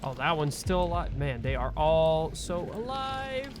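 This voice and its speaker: A man's voice: fairly high pitch, very animated, a little slow, noisy background. A man commenting as he plays a horror game, jumpy, swearing and yelping at the scares. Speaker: let's play gamer. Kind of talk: live gameplay commentary. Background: loud game soundtrack.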